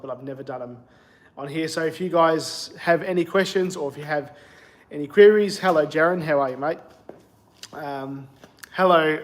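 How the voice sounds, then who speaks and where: An Australian man live streaming from his cold home shed on a phone, chatty and self-deprecating as he greets viewers. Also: on the high side. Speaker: car channel host. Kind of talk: casual live stream chat.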